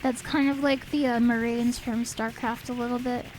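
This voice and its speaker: Brief: bright, high-pitched woman game streamer, rambling and playful, slightly sniffly. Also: little pitch movement, moderate pace, poor audio. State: a little sniffly. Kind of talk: casual game stream chat. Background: faint game music.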